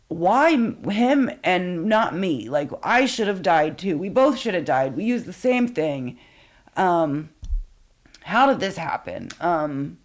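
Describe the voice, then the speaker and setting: A woman in her forties speaks as a podcast guest, recounting her life story with blunt candor. Her talk is loose and unpolished, full of fillers and frequent swearing, and her pitch sits in an ordinary middle range. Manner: frank and profane, with many fillers. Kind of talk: candid personal storytelling.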